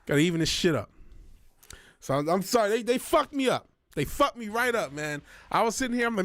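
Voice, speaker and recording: A man streaming a video game live, ranting with profanity and swinging between low mutters and sudden angry shouts at the game, from his home studio. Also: expressive, brisk, no room sound. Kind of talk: live gaming stream commentary.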